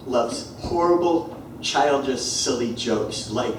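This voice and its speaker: A man's voice: mid-range voice, animated, normal speed, a little hiss or hum. A man doing stand-up comedy, telling a story with mock exasperation at bad puns. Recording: very echoey room, mic far away.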